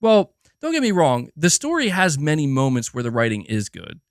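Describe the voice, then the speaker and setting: A man hosting a gaming livestream, talking in a casual, animated and profane rant, often restarting his sentences and answering chat. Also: on the high side, moderate pace, dry recording, studio quality. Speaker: livestream host.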